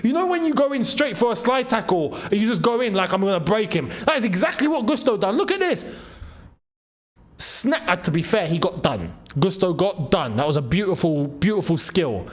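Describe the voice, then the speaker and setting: Animated young man reacting to a match. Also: sits high, a little fast, few pauses. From Algeria. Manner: excitable, laughs often, reads chat aloud. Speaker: football watchalong host. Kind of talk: live match watchalong commentary.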